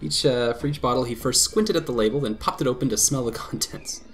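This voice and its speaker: A man hosting a let's play, reading a visual novel aloud with quick laughs and commentary. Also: medium pitch, faint music behind. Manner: lively reading broken by laughs and asides.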